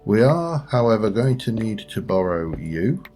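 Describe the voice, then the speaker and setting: A man hosts a gameplay video in a casual, meandering way and chats to the creatures on screen. His voice sits fairly low but moves around a lot in pitch. Soft background music plays quietly beneath him. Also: very animated, measured pace. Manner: meandering, talks to game creatures. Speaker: gaming channel host. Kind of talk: casual let's play commentary. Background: faint background music.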